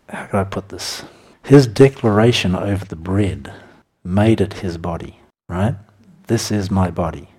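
Husky-voiced man preaching a sermon. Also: deep voice, darkish tone. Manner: conversational, chuckles between points.

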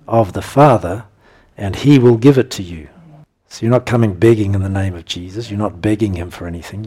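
A man preaching a sermon, teaching through scripture verses in an emphatic style, breaking into animated bursts and chuckles. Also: on the low side, breathy edge.

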